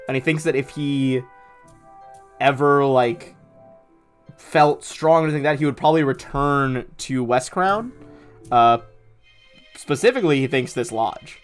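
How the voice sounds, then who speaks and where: A man's voice: fairly high pitch, moderate pace, soft background music. A young man running a tabletop game, rambling with lots of fillers. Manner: rambling, filler-heavy, laughs often. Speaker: game master.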